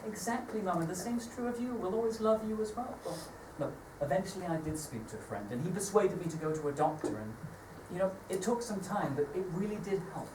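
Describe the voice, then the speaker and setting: A woman's voice: on the low side, lively intonation, fairly quick, few pauses, lightly acted. A woman playing a caring young adult son, earnestly pleading on a live theatre stage. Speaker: amateur stage actor. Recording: echoey theatre stage from far off, noise.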